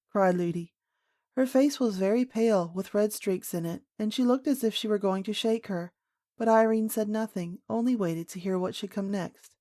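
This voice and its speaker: A woman narrating a classic children's audiobook in a clear, measured storytelling voice. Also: mid-range voice, mellow, dry recording, clean studio sound.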